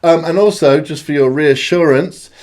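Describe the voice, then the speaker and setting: A man's voice: a little high, normal speed, a little mellow. A British man hosting a music reaction channel in casual chat, upbeat and chatty, sometimes humming a tune aloud. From United Kingdom.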